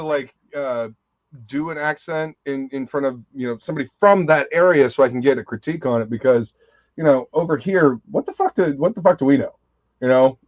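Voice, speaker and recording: A man's voice: on the high side, no echo. A man chats casually on a live stream, eager and loose-mouthed, cursing as he raves. The audio is somewhat dull and lo-fi, and the mic is dry and close, with no room around him. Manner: enthusiastic, swears freely. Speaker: livestream host. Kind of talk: casual chat.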